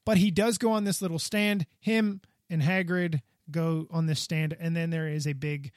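A man's voice: fairly high pitch, fairly even intonation, normal speed, no room sound, studio quality. A man hosting a casual toy review podcast, talking enthusiastically and rambling, often repeating himself. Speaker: podcast host. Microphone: podcast microphone.

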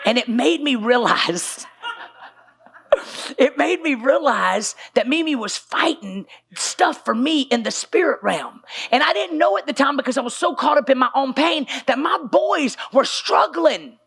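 Forties preacher woman, gravelly edge, fiery storytelling. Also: high voice, lively intonation, unhurried. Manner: emotional storytelling, often shouting for emphasis. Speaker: pastor. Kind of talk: sermon. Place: church stage.

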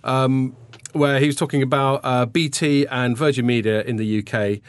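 A man's voice: medium pitch, steady tone, moderate pace, clean tone, dry recording. A man hosting a podcast, chatty and jokey, often trailing off mid-sentence. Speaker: podcast host. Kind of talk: casual chat.

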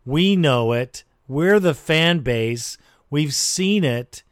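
A man hosting a sports call-in radio show, giving blunt, measured commentary. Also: a little high, lively intonation, no room sound, clean studio sound.

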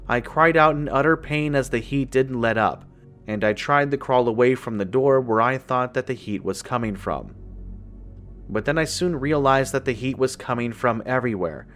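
A man telling a first-person horror story in a steady, measured way. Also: mid-range voice. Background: faint music.

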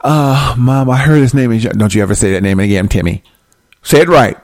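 A man's voice: mid-range voice, brisk, no room sound, voice pushed down, natural voice. A man voicing a pious, sheltered mother who talks with prim, false sweetness. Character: pious sheltered woman, a mother scolding her son.

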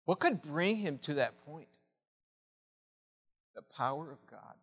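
Impassioned preacher with a bright voice. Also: male voice, fairly high pitch, very animated, slow, husky, in a large hall. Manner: impassioned preaching, swinging from hushed to loud. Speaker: pastor. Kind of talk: sermon.

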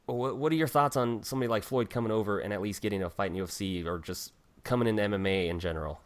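A man hosting a casual interview show, relaxed, laughing often and repeating words as he gets going. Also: fairly low pitch, fast. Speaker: podcast host.

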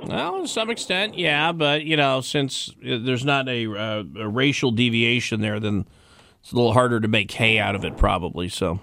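A man's voice: medium pitch, moderate pace, pushed and bright, a little hiss or hum. A man hosting a radio call-in show, with wry, offhand casual banter. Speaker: radio talk show host.

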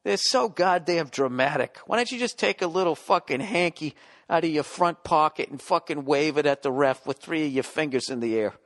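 Man, middle-aged, casual podcast rant, exasperated, profane, somewhat high-pitched. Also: animated, moderate pace, fairly bright tone. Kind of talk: casual ranting monologue.

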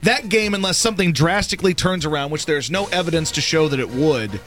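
Man, sports radio host, slightly high voice, teasing, quick banter, studio mic. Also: a bit bright, faint music behind.

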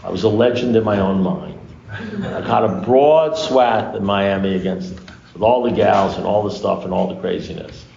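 A man speaking to a recovery meeting, telling a long story in an animated way, acting out the dialogue and swearing freely. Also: fairly low pitch, moderate pace, creaky. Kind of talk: storytelling talk to an audience. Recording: echoey room, dull lo-fi sound.

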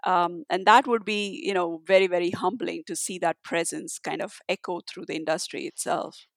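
A woman guest in a conversational interview, talking in a halting way with many fillers and restarts. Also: fairly low pitch, fairly even intonation, fairly bright tone, dry recording, clean studio sound. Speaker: guest, tech leader.

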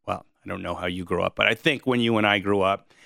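Bright-voiced curious interview host. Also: male voice, low-pitched, fast talker, creaky, no echo, clean studio sound. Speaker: podcast host. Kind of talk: casual interview chat.

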